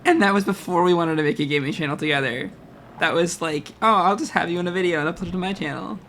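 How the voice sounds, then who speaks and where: Bright-voiced, easy-laughing man gaming. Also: a little high, a little hiss or hum. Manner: agreeable, laughs easily, quick to fill in facts. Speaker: let's play co-host. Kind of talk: casual gaming commentary.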